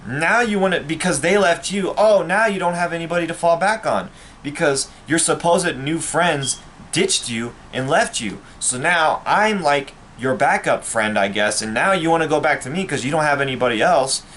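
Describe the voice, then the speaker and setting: A man's voice: a little high, animated, moderate pace, fairly bright tone, slight background noise. Man ranting bitterly to camera. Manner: bitter, angry, profane ranting. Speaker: vlogger. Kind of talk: personal rant to camera.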